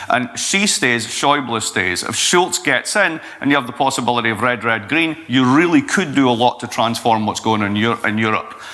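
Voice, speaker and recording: A Scottish man in his forties, a guest speaker answering questions in a blunt, profane, lively way. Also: mid-range voice. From Scotland. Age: 40s. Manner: blunt, profane, animated storytelling. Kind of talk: Q&A talk at an event.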